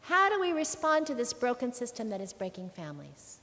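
An earnest woman preaching in a slightly high voice, telling a story and drawing out key words for weight. Her voice rings with the long reverb of a large hall. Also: huge pitch swings, brisk, a bit bright. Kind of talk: sermon storytelling.

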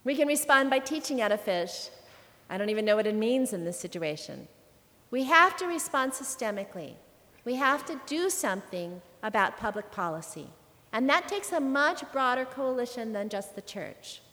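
Woman preacher, earnest storyteller, slightly high, large reverberant hall. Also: very animated, moderate pace, fairly bright tone. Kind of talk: sermon storytelling.

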